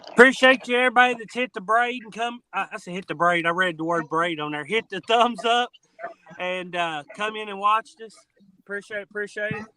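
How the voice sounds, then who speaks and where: High-pitched guy hosting a fishing live stream, bright, casual banter. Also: a little fast. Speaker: fishing show host. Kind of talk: casual chat.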